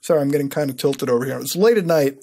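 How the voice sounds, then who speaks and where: Young male commentator in his twenties, husky voice, swears constantly, sarcastic rants that spike up high. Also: quick pace, warm tone. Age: 20s. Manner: profane, sarcastic ranting with sudden high-pitched outbursts. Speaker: web-browsing commentator. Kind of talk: casual screen-recording commentary.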